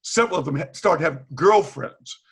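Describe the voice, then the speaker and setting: Older man, from Boston, gravelly, slightly high, storyteller, video call. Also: fairly quick. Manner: animated storyteller, acts out quoted dialogue, laughs often. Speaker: retired teacher, guest.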